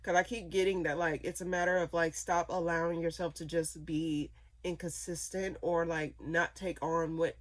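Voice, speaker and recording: A woman's voice: lowish voice, flat delivery, moderate pace, hardly any pauses. A woman giving a casual tarot reading, talking in loose rambling sentences full of fillers, restarts and repeated phrases. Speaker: tarot reader.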